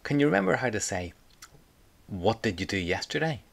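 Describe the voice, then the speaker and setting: A man's voice: fairly low pitch, very animated, a little fast, vocal fry. A man teaching an audio language lesson, patiently prompting the listener and repeating phrases for them to say back.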